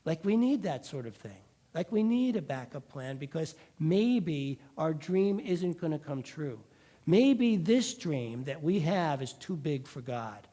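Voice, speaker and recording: High-voiced man preaching with animated storytelling. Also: measured pace. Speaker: pastor. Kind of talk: sermon.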